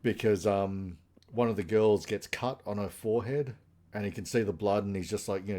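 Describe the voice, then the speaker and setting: A man with a slightly low voice talks loosely through a TV plot recap on a podcast. He rambles and stacks fillers like "kinda" and "like." His tone is relaxed and conversational. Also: fairly quick. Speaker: podcast co-host. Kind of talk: casual chat.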